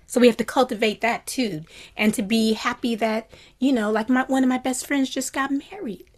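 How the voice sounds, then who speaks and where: With a voice on the high side, a woman teaching meditation delivers a dharma talk gently and reflectively. Her speech frequently softens to a whisper, punctuated by animated moments of delight.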